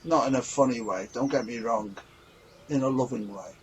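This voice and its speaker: A man's voice: medium pitch, moderate pace, highs cut off, slight background noise. A man talking earnestly and a little ramblingly in a casual reflective vlog. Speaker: vlogger.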